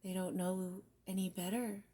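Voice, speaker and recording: A woman giving a spiritual guidance card reading, soft and reflective, often slipping into near-whispers and casual, mildly profane phrasing. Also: medium pitch, little pitch movement, moderate pace, slightly rough. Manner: casual, with mild swearing. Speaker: tarot reader.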